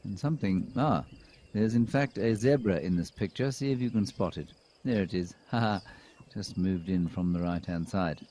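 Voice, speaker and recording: Mellow-voiced man with deadpan humor. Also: low voice, moderate pace, slight background noise. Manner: dry, deadpan jokes; relaxed, chatty reading of viewer comments. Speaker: wildlife show host. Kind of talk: live wildlife cam commentary.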